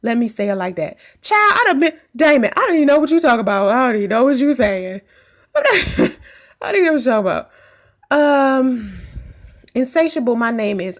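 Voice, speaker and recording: A woman's voice: sits high, big pitch swings, moderate pace. Woman vlogger, pregnant, answering comments in a casual way; blunt, profane, laughs easily.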